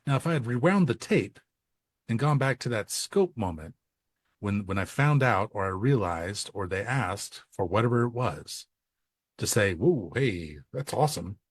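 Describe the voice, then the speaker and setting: A man with a low voice co-hosts a casual podcast for accountants. He talks in a loose, conversational way and acts out both sides of client conversations as he tells stories. The sound is dry and close. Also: normal speed, breathy edge, dry recording. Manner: animated storyteller who acts out dialogue. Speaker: podcast co-host and accounting coach.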